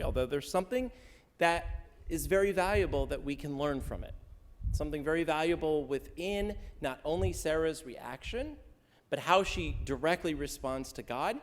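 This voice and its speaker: A man's voice: fairly high pitch, in a large hall. A male rabbi giving an interactive sermon in a synagogue service, talking conversationally, quizzing the congregation and slipping in wry jokes. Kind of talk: interactive sermon teaching the weekly Torah portion. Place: synagogue sanctuary during a service.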